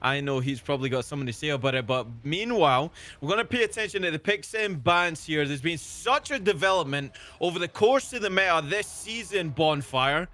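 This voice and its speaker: A man casting a live esports match, energetic and quick to toss questions to his co-caster. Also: a little high. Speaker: play-by-play caster.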